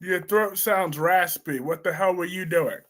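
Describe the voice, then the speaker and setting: Sassy high-voiced man chatting live. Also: measured pace. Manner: sassy, blunt and animated, with frequent profanity. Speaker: host of a live soap opera discussion stream. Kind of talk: casual live-stream chat reading viewer comments.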